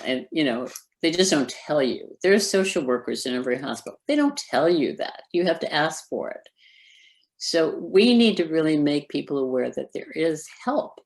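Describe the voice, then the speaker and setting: A woman with a strikingly low voice speaks as a nonprofit founder in a conversational interview. She is emphatic and earnest, and she laughs often between points. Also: lively intonation, moderate pace, gravelly, a little mellow.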